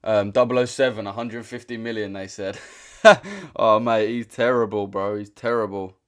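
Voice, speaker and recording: Brief: young British male streamer, low-ish pitch, blunt slangy chat, repeats himself. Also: little pitch movement, normal speed. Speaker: trading livestream host. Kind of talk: casual livestream chat.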